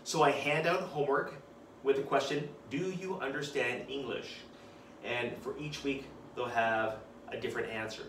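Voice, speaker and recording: A man at an ordinary middle pitch walks through a flashcard lesson plan for English classes. He enunciates each phrase slowly and clearly in a patient teaching tone. A faint hiss of noise sits under his voice. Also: steady tone, fairly bright tone, roomy sound, distant mic. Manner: switches between English and Japanese phrases to explain them.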